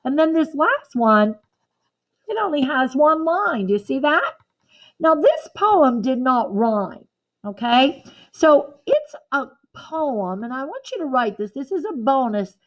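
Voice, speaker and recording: A woman's voice: sits high, poor audio. A woman teacher giving a patient classroom lesson to children, counting out beats and checking in with the class. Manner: slow, patient and encouraging, counting beats aloud.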